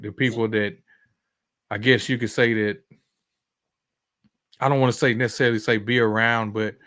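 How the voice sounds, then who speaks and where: A man's voice: medium pitch, fairly bright tone, no echo. Rambling male guest, dry sound. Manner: rambling, many fillers and restarts. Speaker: guest, sneaker collector. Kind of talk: casual chat.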